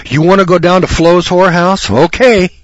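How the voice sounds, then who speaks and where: A man preaching a fire-and-brimstone sermon, blunt, sarcastic and rambling, reading scripture slowly. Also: sits high, level tone, dry recording, dull audio. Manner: reads scripture slowly and deliberately.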